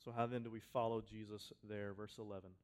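A pastor preaching a sermon to his congregation, talking conversationally and repeating phrases for emphasis, swinging from loud to quiet. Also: lowish voice, little pitch movement, fast. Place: church hall with a congregation.

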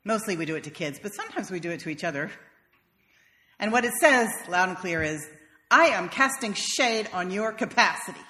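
A woman's voice: mid-range voice, animated, fairly quick, pushed and bright, big-room sound. A woman minister from the South, preaching a sermon in a wry, conversational storytelling manner. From American South.

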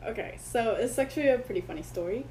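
A fairly high-voiced woman, a native Spanish speaker, chats as an interview guest. She rambles through her stories and slips into voices for the people she quotes. A faint hiss sits under the recording. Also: expressive, quick pace, a little mellow, low-quality recording. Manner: rambling storyteller who acts out quoted people. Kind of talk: casual interview chat.

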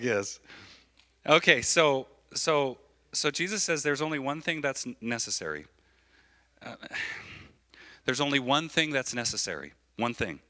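A man preaching a sermon as a pastor in church, animated and repetitive, often checking in with his listeners. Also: medium pitch, a little slow, pauses often. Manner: animated, repeats phrases, keeps asking the crowd "right?".

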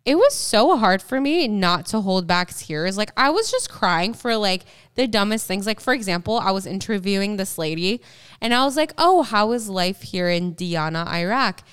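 A young woman co-hosting a casual podcast, her voice strikingly clear and smooth. She tells stories in a chatty, animated way, at a middle pitch for a woman. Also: moderate pace. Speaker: podcast co-host. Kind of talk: casual chat.

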